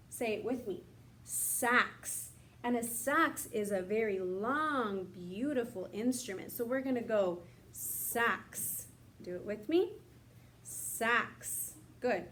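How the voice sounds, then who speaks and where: A young woman with a slightly high voice teaches a recorded phonics lesson to small children. She draws out each sound slowly and cheers the kids on, and a faint hiss sits under the recording. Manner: slow, drawn-out sounding of words with cheerful prompts.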